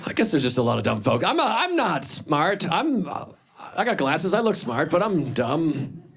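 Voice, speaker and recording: A man in his forties doing a stand-up set, self-deprecating, deadpan asides mixed with animated impressions of his friends. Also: fairly high pitch, normal speed, husky. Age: 40s. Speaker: stand-up comedian. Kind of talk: stand-up routine. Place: comedy club stage before a live audience. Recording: live club set with a laughing crowd. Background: audience laughter.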